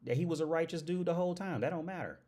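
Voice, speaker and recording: A young man hosting a casual livestream, swearing freely and breaking into loud laughs. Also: fairly high pitch, rapid-fire. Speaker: livestream host.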